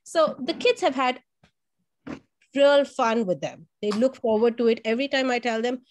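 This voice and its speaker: A woman who runs a child care program, telling stories about the children in a lively conversational way, acting out quotes and often repeating words. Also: on the high side, normal speed. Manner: animated storyteller who acts out quotes in a raised voice; repeats words while thinking. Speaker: family child care provider. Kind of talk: conversational testimonial.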